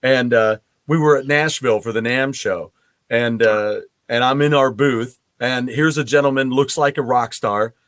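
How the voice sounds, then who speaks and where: Man, casual host, relaxed, medium pitch, dry recording. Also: moderate pace, no room sound. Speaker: podcast host. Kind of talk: casual chat.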